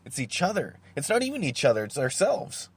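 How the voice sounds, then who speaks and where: A man's voice: on the high side, huge pitch swings, brisk, slightly rough. A man hosting a solo podcast, ranting in a rambling, profane way, often repeating words as he thinks, while he smokes and drinks coffee. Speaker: podcast host. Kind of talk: solo rant.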